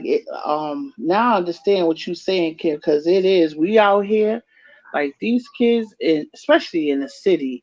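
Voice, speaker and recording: Woman casual-chat mom, animated and laughing, muffled lo-fi audio. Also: deep voice. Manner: lively, laughs often, mimics her kids' voices. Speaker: mother chatting with a friend.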